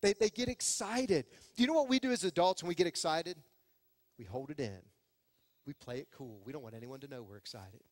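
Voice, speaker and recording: A middle-aged man preaching a sermon as pastor, animated and acting out the voices he quotes. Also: sits high, dry recording, big-room sound. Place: church sanctuary.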